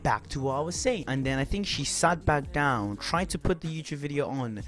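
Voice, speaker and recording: A young man telling a rambling, animated story to camera, swearing often. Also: a little high, normal speed. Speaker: vlogger.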